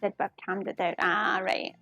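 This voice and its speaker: In a home kitchen, a British woman chats casually with her live-stream viewers while cooking, giggling often. Her mid-range voice is creaky and sharp-toned with a flat delivery at normal speed, recorded without echo over faint music.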